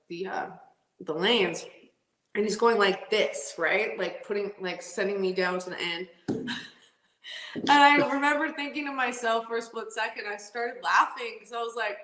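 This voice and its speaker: Woman, racing driver, casual interview, animated storyteller, frequent laughs, middle pitch, echoey room. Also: normal speed. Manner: animated, laughs often, acts out quotes. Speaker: drag racing driver and team co-owner.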